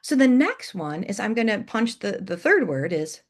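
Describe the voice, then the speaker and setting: A woman's voice: mid-range voice, very animated, moderate pace, few pauses. A middle-aged woman presenting an educational webinar, coaching listeners and demonstrating how emphasis changes meaning. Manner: warm coaching tone, reads chat aloud, demonstrates emphasis.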